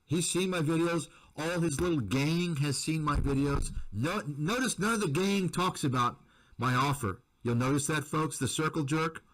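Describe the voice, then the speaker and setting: Male commentator, fairly high voice, combative and repetitive, calling people out. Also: moderate pace, a bit bright, poor audio. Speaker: investment analyst and commentator. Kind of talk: heated rant to viewers.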